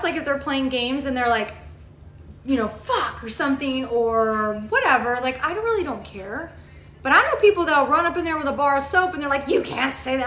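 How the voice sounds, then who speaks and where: A woman hosts a casual livestream, answering viewer comments in a high, pushed, bright voice. She chats bluntly and profanely and rambles with plenty of fillers. The room is echoey, with faint noise in the background.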